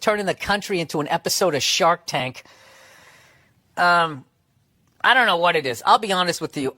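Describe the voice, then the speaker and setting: A man's voice: high-pitched, bright, forceful tone. A man talking in casual chat, rambling into sarcastic, profane rants.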